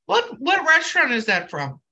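A woman hosting a podcast in casual chat, her voice husky from a cold, talking in a chatty, self-mocking way. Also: sits high, huge pitch swings, moderate pace, a crowd in the background. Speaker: podcast host.

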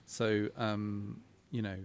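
Low gravelly English guest. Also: male voice, takes it slowly. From England. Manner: explanatory, relaxed. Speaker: guest, game company creative director. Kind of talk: casual chat.

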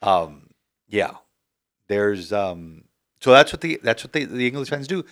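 A man hosting a casual sports podcast, animated and rambling with frequent restarts. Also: fairly low pitch, a little slow. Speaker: podcast host.

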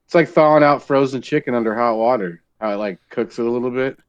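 A man's voice: medium pitch, quick pace, smooth, dry recording, dull audio. An easygoing man in casual chat, chiming in with short agreements and practical tips.

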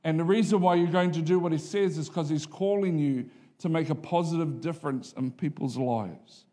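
A man's voice: on the high side, normal speed, dark tone. A man preaching a sermon, telling personal stories in a conversational, self-deprecating way. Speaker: pastor.

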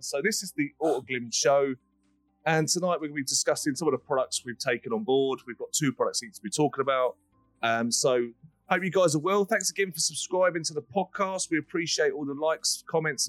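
A man's voice: a little high, no echo, rough recording. A man hosting a podcast in an upbeat, jokey, rambling way. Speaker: podcast host. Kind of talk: casual podcast chat.

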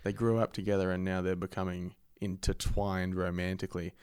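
Deep smooth-voiced male co-host, wry deadpan asides, dry room. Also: brisk, no echo. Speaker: podcast co-host. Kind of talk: casual movie review chat.

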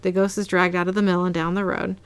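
A woman's voice: on the low side, level tone, fast talker, smooth. A woman casually retelling a TV episode as a podcast host, reading the dialogue out plainly. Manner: chatty, reads out dialogue plainly.

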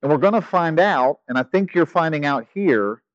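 A male pastor preaching a sermon, animated, swinging from loud stretches to hushed ones. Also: a little high, moderate pace, no echo, highs cut off.

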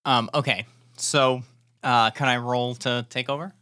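A man's voice: mid-range voice, steady tone, measured pace, sharp tone. A man playing a tabletop role-playing game, a little hesitant. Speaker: player. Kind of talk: casual tabletop play.

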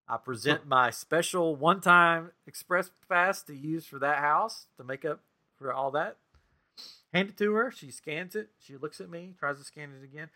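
A man co-hosting a podcast, casually retelling a frustrating experience with lots of quoted back-and-forth. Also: fairly high pitch. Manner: animated, exasperated retelling with quoted dialogue. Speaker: podcast co-host. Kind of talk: casual storytelling chat.

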